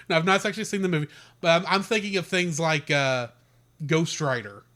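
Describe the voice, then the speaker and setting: Bright-voiced man reviewing a movie. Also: fairly high pitch, moderate pace. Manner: eager, talks over his partner. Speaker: podcast co-host. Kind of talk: casual movie review chat.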